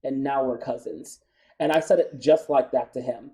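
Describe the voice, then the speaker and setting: An American man telling a story as a guest in a studio interview, animated and chatty with many fillers. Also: medium pitch, normal speed. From United States.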